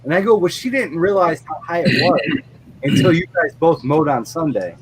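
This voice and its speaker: A man's voice: on the high side, very animated, moderate pace, slight background noise, low-quality recording. Blunt, profane man telling a story. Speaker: lawn mowing business owner. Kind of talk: casual podcast chat.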